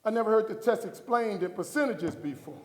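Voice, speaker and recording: A middle-aged man tells his story to a crowd, acting out each line of dialogue with a preacher's rhythm. His voice sits high for a man. The sound comes from far off in a large, echoey hall. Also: expressive, brisk, slight background noise. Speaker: motivational speaker. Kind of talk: inspirational keynote speech. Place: large hall before a live audience.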